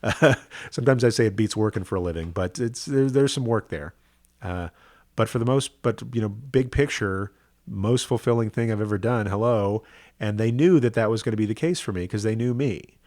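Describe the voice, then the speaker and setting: A rabbi tells a personal story in a low-pitched voice. He speaks earnestly and conversationally, often checking in with the listener. The sound is close and dry. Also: moderate pace, a little mellow, dry recording.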